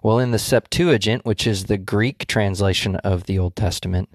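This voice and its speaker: A man's voice: fairly low pitch, moderate pace, dry recording, studio quality. A man co-hosting a casual Bible study discussion, explaining passages in a thoughtful, searching way with frequent restarts.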